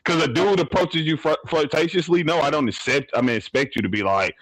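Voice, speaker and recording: A man's voice: on the high side, a little fast, a bit bright, poor audio. A man arguing his side in a heated casual debate on a live stream, laughing often. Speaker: panelist.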